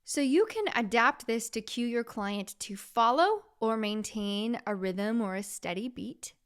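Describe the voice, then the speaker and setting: A woman's voice: fairly high pitch, lively intonation, measured pace, smooth. A woman, a music therapist and podcast host, explaining steps plainly with a few fillers and singing simple call-and-response demos. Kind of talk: teaching podcast with sung demonstrations.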